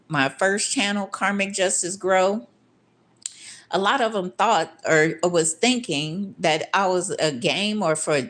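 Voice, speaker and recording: A woman vlogger ranting to her viewers in a casual monologue, with a voice sitting a little low for a woman. She is blunt and heavily profane, and she circles back over the same angry words as she works herself up. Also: fairly bright tone. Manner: angry, repeats herself when worked up.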